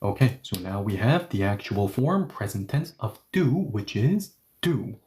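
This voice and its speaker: A man's voice: fairly low pitch, big pitch swings, a little slow, dark tone. Man teaching grammar step by step. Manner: explains step by step, asking questions and answering them himself. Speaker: Korean language teacher. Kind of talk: grammar lesson.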